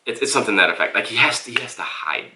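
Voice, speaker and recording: A man's voice: on the low side, lively intonation, very fast, roomy sound, background noise. A man reviewing a book on camera in a loose, rambling way and often calling his viewers "guys.". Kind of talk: casual vlog book review. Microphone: camera mic.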